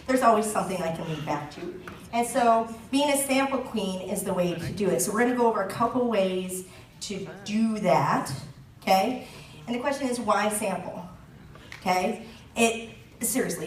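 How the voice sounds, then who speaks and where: A woman's voice: medium pitch, lively intonation, moderate pace, slight background noise. A woman in her thirties giving a chatty, joking training talk to a sales team, laughing often as she speaks. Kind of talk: chatty live presentation. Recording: roomy echo, mic at a distance, faint ambience.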